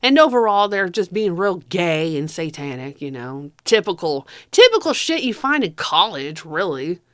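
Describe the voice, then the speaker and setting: A woman's voice: on the low side, big pitch swings, moderate pace, a bit bright, no room sound, studio quality. A woman giving a casual spoken movie review, chatty and profane, often tossing in "you know".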